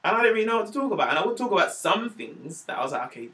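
A man tells stories in a relaxed podcast chat, his voice sitting a little high for a man. He slips into other people's voices as he goes, acting out what they said. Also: racing. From Wales. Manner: animated storyteller, acts out quoted voices. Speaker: stand-up comedian, guest. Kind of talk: casual podcast conversation.

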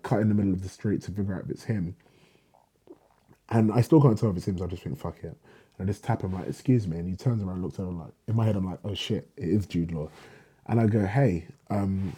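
Young guy, low and dark-toned, husky edge, lively storyteller who acts out the dialogue. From England. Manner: animated storyteller, acts out dialogue, swears freely. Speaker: guest, writer. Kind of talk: casual storytelling in a podcast conversation.

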